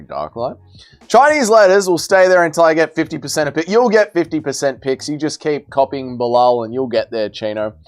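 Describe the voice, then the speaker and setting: Lively man hosting a livestream. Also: a little high. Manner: bantering, reads and answers chat messages aloud. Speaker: livestream host. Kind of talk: casual live chat reading viewer messages.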